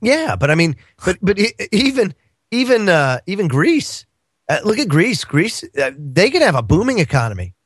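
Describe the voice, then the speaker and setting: A man's voice: sits high, very animated, normal speed, slightly rough, dry recording, studio quality. A man appearing as a guest on a radio talk show, chatting casually about politics in a rambling way, with lots of fillers and chuckles.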